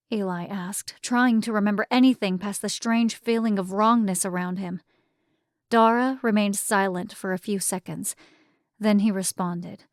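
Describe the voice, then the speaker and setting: A woman narrating an urban fantasy audiobook in a measured, even storytelling manner. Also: medium pitch, no echo, studio quality. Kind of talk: scripted narration.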